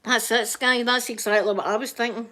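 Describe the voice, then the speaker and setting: A woman's voice: a little high, fairly even intonation, a little fast, pushed and bright. A Scottish woman chatting casually on a live stream, rambling through stories and laughing often. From Scotland. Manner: chatty, rambling storyteller who laughs a lot.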